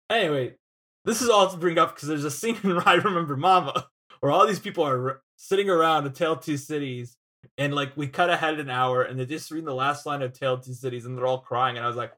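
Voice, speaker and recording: A man's voice: a little high, sharp tone. Rambling, chuckly young guy. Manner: rambling, laughing storyteller. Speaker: podcast co-host. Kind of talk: casual film podcast chat.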